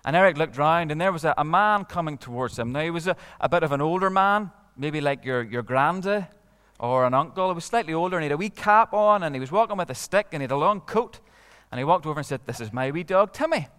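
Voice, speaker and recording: Expressive Northern Irish storyteller man. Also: on the high side, fast talker, clear, resonant tone, big-room sound. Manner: lively, expressive, with dramatic hushes. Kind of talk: telling a story to a live audience.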